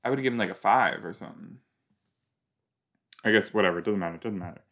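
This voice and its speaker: A man's voice: lowish voice, fast talker, fairly bright tone. Rambling male podcast host. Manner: rambling, self-deprecating, chatty asides. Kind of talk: casual watch-along commentary.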